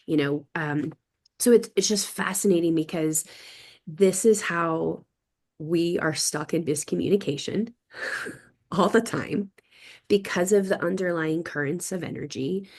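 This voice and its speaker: In a casual group conversation, a woman with a fairly low-pitched voice speaks reflectively, meandering through her thoughts and acting out the phrases she quotes.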